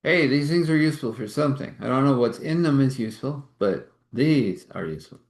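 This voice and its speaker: A man's voice: medium pitch, lively intonation, brisk, roomy sound, voice pushed up, close to an everyday voice. A man voicing a cheerful, easygoing male tank collector who chuckles as he talks.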